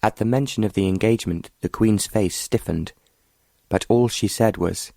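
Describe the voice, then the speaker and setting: A man narrating an audiobook in a steady, even storytelling manner. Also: fairly low pitch, moderate pace, gravelly, no room sound, studio quality. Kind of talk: scripted narration.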